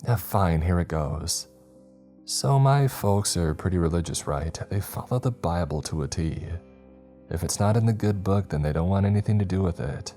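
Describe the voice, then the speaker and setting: A man's voice: low-pitched, expressive, normal speed, warm tone, soft background music. A man voicing a blunt young woman patient who teases and scolds. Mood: sheepish.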